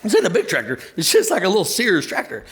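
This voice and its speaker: A male pastor preaching a sermon to his church, animated, joking and conversational. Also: high voice, quick pace. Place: church auditorium.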